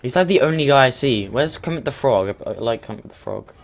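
Excitable young man yelling over gameplay. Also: medium pitch, a little fast, creaky, a little hiss or hum. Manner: excitable, bursts into shouts. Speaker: gamer. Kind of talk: casual gaming commentary.

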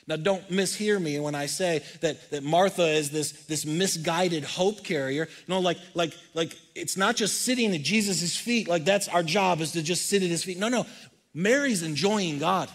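A pastor delivering a sermon, reading scripture aloud and dropping from loud emphasis to hushed repetition. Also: male voice, high-pitched, moderate pace. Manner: preaching with big swings from loud to hushed; reads scripture aloud, repeats phrases softly for effect. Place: church stage.

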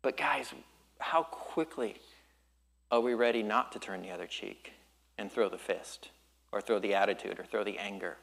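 A male pastor from Southern California preaching a sermon in a relaxed storytelling way, with surfer slang and quick laughs. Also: on the low side, vocal fry.

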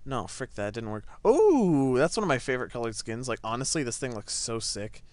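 A young man commentating his own gameplay, excitable, breaking into yelps and laughter, on a desk mic set back a little. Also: medium pitch, brisk, dry recording. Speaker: gaming channel host. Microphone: desk microphone set back a little.

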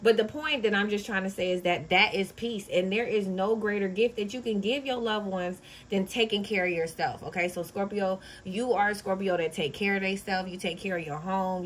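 A woman's voice: mid-range voice, fairly quick, few pauses, slight background noise. Brassy, profane woman reading horoscopes. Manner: loud, profane and playful, with frequent "okay?" tags. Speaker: astrology reading host. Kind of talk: casual tarot reading vlog. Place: home office.

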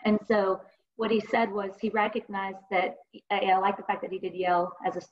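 A woman's voice: medium pitch, fairly even intonation, normal speed. A woman counselor giving an online presentation, sharing client stories in an earnest, conversational way with many fillers. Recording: dull lo-fi online call audio.

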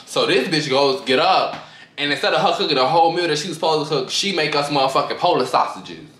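Young male vlogger, sassy and animated storyteller, bright voice, roomy echo. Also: on the high side, quick pace. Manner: animated, profane, sassy, mimics friends' voices. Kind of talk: casual storytime rant.

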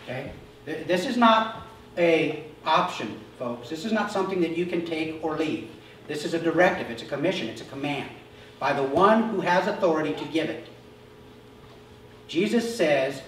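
Impassioned pastor in an echoey church. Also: male voice, on the high side, animated, a little slow, pauses often, slight background noise. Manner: impassioned, rhetorical questions, swings from loud to quiet. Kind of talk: sermon. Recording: echoey church hall, from far off.

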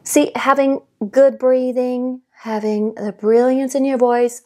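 A young woman vocal coach with a fairly high voice explains singing technique at an unhurried, deliberate pace. Faint piano music plays behind her. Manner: calm, explanatory teacher who demonstrates by singing. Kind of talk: singing lesson.

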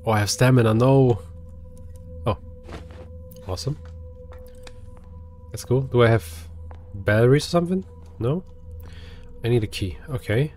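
A man's voice: mid-range voice, unhurried, pauses often, darkish tone, faint music behind. A man giving casual let's-play commentary, chatting to the game and yelping when startled. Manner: chatty, talks to the game, jumpy yelps. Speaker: gaming video creator.

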